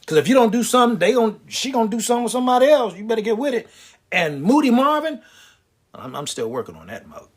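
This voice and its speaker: A husky-voiced man telling a stand-up comedy story with lots of wisecracks. His pitch swings widely as he builds up jokes in a loose, animated way. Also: racing, hardly any pauses. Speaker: comedian and prostate cancer survivor.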